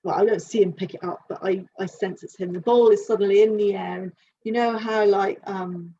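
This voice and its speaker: A woman gives an animal communication reading, feeling her way through each image in halting, searching phrases full of restarts. Her voice is mid-pitched, and the recording is dull and lo-fi with a faint hiss behind it. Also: steady tone, warm tone. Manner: halting, searching, thinking aloud. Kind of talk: live reading session.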